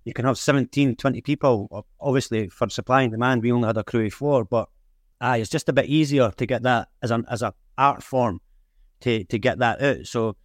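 A man with a broad Edinburgh Scots accent speaks plainly and frankly as an interview guest, in a loose, casual way. His voice is mid-pitched and recorded close and dry. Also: a little fast, no room sound. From Edinburgh, Scotland. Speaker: guest filmmaker and rapper.

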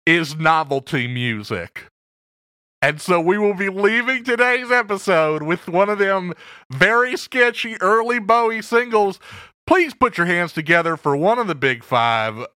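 A man's voice: high voice, bright, forceful tone, clear, resonant tone, dry recording, studio quality. A man hosting a music show, chatting casually in a playful, joking way. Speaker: podcast host.

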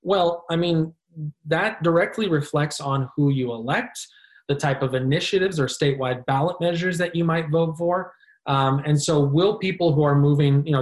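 A man with a somewhat high-pitched voice talks through his ideas in a relaxed political discussion. He explains step by step and leans on fillers as he builds each point. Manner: measured, explanatory, filler-heavy. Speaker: guest.

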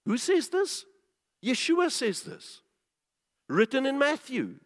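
Emphatic high-voiced preacher in a reverberant hall. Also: male voice, big pitch swings, slow pace, long pauses. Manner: emphatic, repeats phrases and asks questions. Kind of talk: sermon.

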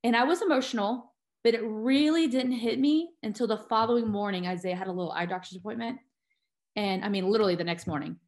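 A woman's voice: mid-range voice, quick pace. A woman, an adoptive mother and guest, telling her personal story with feeling, tearful and full of fillers and restarts.

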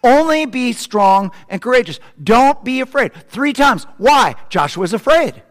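Casting: high-voiced male pastor, animated preacher, big loud-to-soft swings, long hall reverb. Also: unhurried, hardly any pauses. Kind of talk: sermon.

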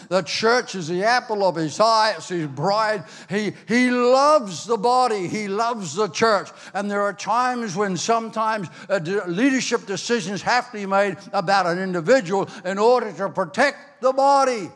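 An older man from Ireland, preaching a sermon with animated storytelling that swings between loud and soft. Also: high voice, moderate pace, few pauses. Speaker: pastor. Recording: long hall reverb.

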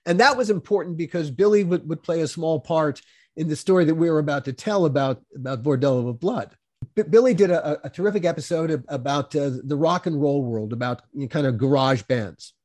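An older man, a producer, reminiscing casually with many halting restarts. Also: fairly high pitch, a little mellow.

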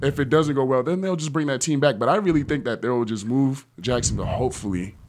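A man's voice: mid-range voice, fast, darkish tone, a little hiss or hum. A man co-hosting a casual sports podcast, loose and profane, laughing often. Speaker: podcast co-host.

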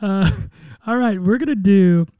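Laid back guy with a real high voice, jokey podcast cohost, dry sound. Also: unhurried, clean tone, dry recording. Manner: relaxed, joking, lots of ums and uhs. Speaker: podcast co-host. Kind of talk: casual chat. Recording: dry close-mic sound.

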